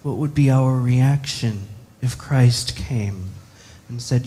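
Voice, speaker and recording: A man's voice: mid-range voice, takes it slowly, dark tone, slight background noise. A man preaching a sermon, reflective and posing many rhetorical questions to the congregation.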